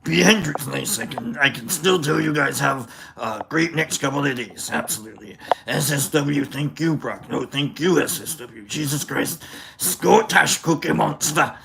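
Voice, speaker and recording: A man's voice: a little high, moderate pace, gravelly, background noise. A man hosting a livestream who tells a rambling, casual story, swearing freely and restarting his sentences often. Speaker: livestream host.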